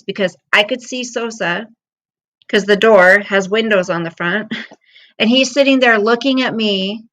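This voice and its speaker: A woman's voice: fairly high pitch, sharp tone, poor audio. A middle-aged woman chatting casually with viewers on a livestream, rambling through personal stories in an emotional way. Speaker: livestream host.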